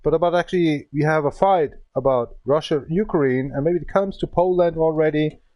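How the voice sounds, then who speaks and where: Fairly high-pitched and a little mellow, this German man in his thirties talks at normal speed with no room sound. He is a native German speaker ranting and swearing in broken, accented English while streaming a game casually.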